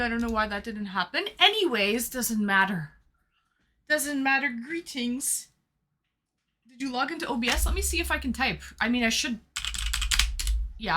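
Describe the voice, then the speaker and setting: A woman's voice: on the high side, sharp tone. A woman hosting a livestream, greeting viewers one by one in playful casual chat and calling them sweeties, from a small room. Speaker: livestream host.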